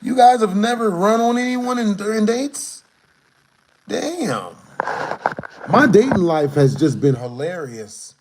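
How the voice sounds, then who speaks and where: A man tells a long, rambling story to his live chat, leaning on slang and repeating the same filler phrases. His voice sits a little high. The room around him sounds echoey. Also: animated, slow, a little mellow, slight background noise. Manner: rambling, repeats "you know what I'm saying". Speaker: streamer.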